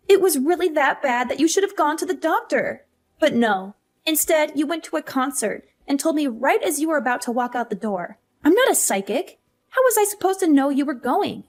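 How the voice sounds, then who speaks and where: A young woman narrating a scripted family drama as herself, defensive and exasperated. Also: sits high. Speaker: story narrator playing herself.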